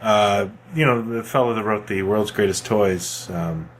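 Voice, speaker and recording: A middle-aged man co-hosting a podcast, telling animated anecdotes and laughing as he talks. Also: lowish voice, unhurried, slight background noise. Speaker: podcast co-host. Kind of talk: casual nostalgic chat.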